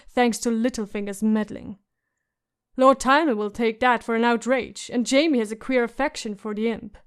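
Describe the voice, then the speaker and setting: A woman's voice: fairly high pitch, smooth, natural voice. A woman reading an audiobook, voicing a stout scarred man who schemes in a worried, pressing manner.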